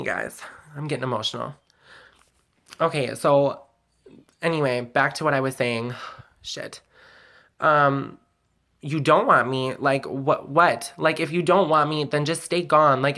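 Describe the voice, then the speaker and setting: A man's voice: on the high side, pushed and bright. A man telling a personal story in a confessional vlog, candid and emotional, rambling with many "like"s and the odd swear word. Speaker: vlogger.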